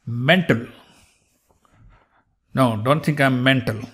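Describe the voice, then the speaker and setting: A middle-aged man with a part Indian, part American accent, hosting a pronunciation lesson and repeating each word slowly for emphasis. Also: mid-range voice, a bit bright. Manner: slow, deliberate, repeats words for emphasis. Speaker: host.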